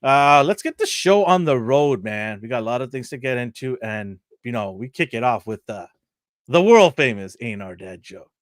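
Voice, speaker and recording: Male podcast host, jokey and upbeat, animated delivery. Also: mid-range voice, moderate pace, dry recording, studio quality. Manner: energetic and jokey, whoops and laughs. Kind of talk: casual podcast chat.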